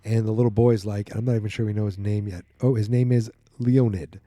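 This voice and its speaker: A man's voice: lowish voice, steady tone, brisk, mellow, no echo. A man hosting a podcast, recapping a comic book in a rambling, chatty way and acting out the scenes. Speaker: podcast host.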